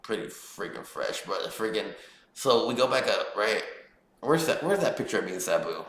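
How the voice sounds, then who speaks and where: A man's voice: on the low side, big pitch swings, moderate pace, a bit bright, slight background noise. Rambling, profane young man in an echoey room. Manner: rambling, profane, fillers like "freaking" and "bro". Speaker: streamer recapping a wrestling event. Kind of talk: casual storytelling.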